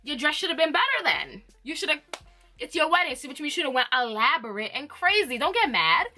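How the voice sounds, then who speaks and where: A young woman casually recapping reality TV, opinionated and animated, often laughing. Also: high voice, a little fast, faint music behind. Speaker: reality TV commentator.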